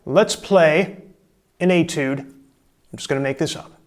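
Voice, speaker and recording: A drum teacher with a slightly higher man's voice talks casually and breaks each stroke down one step at a time. Drums sound in the background between his explanations. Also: a little slow. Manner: relaxed, explains step by step, counts in. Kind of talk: casual instructional talk.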